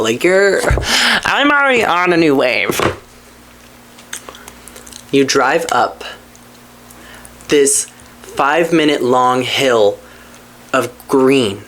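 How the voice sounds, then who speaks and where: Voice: slow pace, pauses often. Candid, profane podcast host rambling. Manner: animated, jumps between low mutters and excited highs. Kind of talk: casual storytelling chat.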